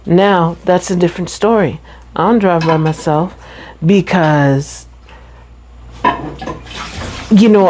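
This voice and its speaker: Slow-spoken low-voiced woman reflecting. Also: darkish tone, low-quality recording. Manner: slow, thoughtful, with quick bursts and light laughs. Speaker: brain injury survivor sharing her story. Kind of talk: reflective personal talk.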